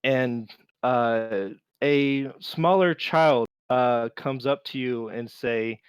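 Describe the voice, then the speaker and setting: A man narrating as game master of a tabletop game, relaxed and unhurried, with many fillers. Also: medium pitch, clear, resonant tone, no echo, clean studio sound.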